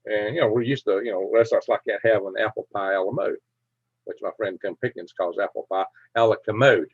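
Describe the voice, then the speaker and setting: A man's voice: fairly low pitch, fairly even intonation, brisk, dry recording, narrow, tinny audio. A man hosting a live stream, telling rambling anecdotes and reading chat with chuckles. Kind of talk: casual storytelling and reading chat.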